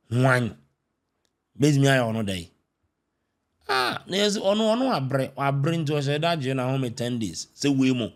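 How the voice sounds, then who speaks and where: A man hosting a reaction show and introducing the topic. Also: medium pitch. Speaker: host. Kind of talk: show opening narration.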